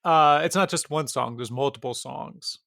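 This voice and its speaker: A man's voice: mid-range voice, moderate pace, vocal fry, sharp tone, dry recording, studio quality. A man cohosting a film podcast, chatting casually in a rambling, self-deprecating way. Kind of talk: casual chat.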